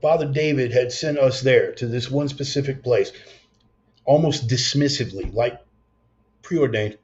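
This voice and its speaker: Dude preaching a sermon, cusses a lot, blunt and intense, kinda dull lo-fi sound. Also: male voice, medium pitch, a little slow, darkish tone. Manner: profane, blunt, intense storytelling. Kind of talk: storytelling sermon.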